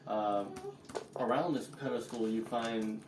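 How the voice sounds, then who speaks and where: A man narrating as game master, pausing and searching for words as he describes the scene. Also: lowish voice, fairly even intonation, reverberant, far from the mic, heavy background noise.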